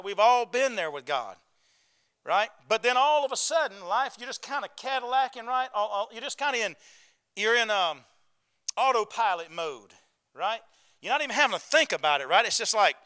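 A man's voice: high voice, pushed and bright, clear, resonant tone. A man preaching a sermon in a folksy way, often calling out "right?" and "amen?" to his congregation. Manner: folksy, calls for amens and asks "right?". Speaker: pastor.

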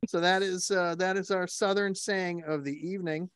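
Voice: medium pitch, fairly even intonation, normal speed, fairly bright tone, smooth, no echo. Joking, rambling podcast host. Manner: rambling, joking, many fillers and restarts. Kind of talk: casual group chat on a video call.

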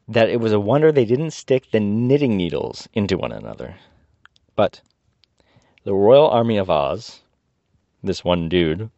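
A man's voice: deep voice, a little mellow, no room sound. A man hosting a podcast, reading a storybook aloud and breaking off for dry, sarcastic asides. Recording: dull dry recording.

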